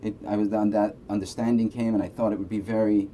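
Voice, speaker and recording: A man's voice: fairly low pitch, little pitch movement, fast, mellow. A man giving a casual Torah lesson, speaking conversationally and often checking in with "right?". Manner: conversational, frequent "right?" asides. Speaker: Torah teacher. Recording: faint background noise.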